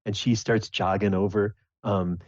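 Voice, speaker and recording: Male game master, deep, halting narration; dull, dry recording. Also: steady tone, no room sound. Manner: rambling, halting, many fillers.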